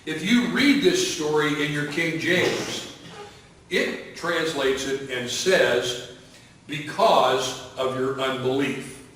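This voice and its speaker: A man delivers a sermon at a very slow, deliberate pace, his voice sitting a little high for a man. He pauses often with fillers and restarts. The sound is distant and echoey, caught from across a church sanctuary. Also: a bit bright, a little hiss or hum. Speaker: pastor.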